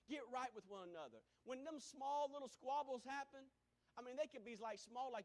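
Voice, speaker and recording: A man preaching in a church, his voice sitting unusually high for a man. He swings widely in pitch, dropping to low murmurs and then rising into loud, drawn-out exhortations, with a folksy, conversational delivery. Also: expressive. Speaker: pastor. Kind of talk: sermon. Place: church sanctuary.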